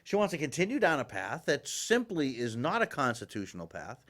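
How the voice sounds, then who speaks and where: A man hosting a live political talk show, ranting in an animated, exasperated way with frequent restarts. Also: mid-range voice, a little fast. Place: live studio with guests.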